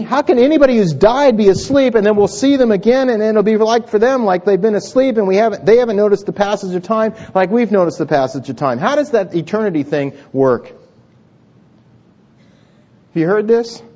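A man's voice: high voice, expressive, fairly quick, a little mellow, muffled recording. A man preaching a sermon to his congregation in a church hall, conversational, with many repeated words and restarts. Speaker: pastor.

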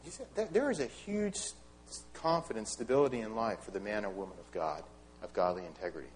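A middle-aged male pastor preaching a sermon in a conversational, animated way, asking the congregation rhetorical questions and adding wry asides. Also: fairly low pitch, quick pace, faint music behind.

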